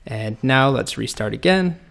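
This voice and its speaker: A man's voice: mid-range voice, a little slow, gravelly. A man teaching a coding lesson, explaining step by step as he types. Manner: relaxed, explains step by step while typing. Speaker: coding instructor. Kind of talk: screen-recorded coding tutorial.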